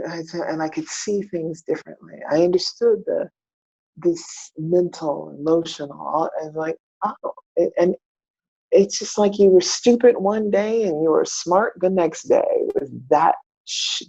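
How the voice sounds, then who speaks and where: A woman with a gravelly, husky voice tells her life story as a podcast guest, animated and frank, often acting out what she once said. The sound is dry and a bit dull, like a modest lo-fi podcast recording. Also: lowish voice, unhurried, dry recording. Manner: animated, acts out her own past words. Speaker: podcast guest, spiritual mentor. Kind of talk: candid personal storytelling.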